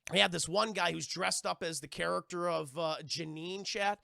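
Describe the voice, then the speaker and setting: A man streaming live, excitedly recapping a TV episode for his chat, profane and acting out the characters' lines. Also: high-pitched, normal speed, creaky, dry recording, clean studio sound. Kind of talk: animated live-stream recap with acted-out quotes.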